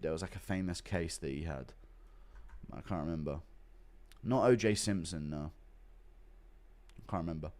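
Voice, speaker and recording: A man's voice: low voice, a little mellow. A man streaming casual commentary, reading out donations and reacting bluntly, swearing often and rambling with lots of fillers. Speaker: streamer reacting to MMA news.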